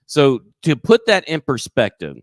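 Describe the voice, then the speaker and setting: Guy hosting a live football stream, rattling off stats all excited, mid voice, dry close mic. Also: medium pitch, unhurried, no room sound. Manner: stat-heavy, enthusiastic, stumbles over words. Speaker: sports podcast co-host. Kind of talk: casual live show chat.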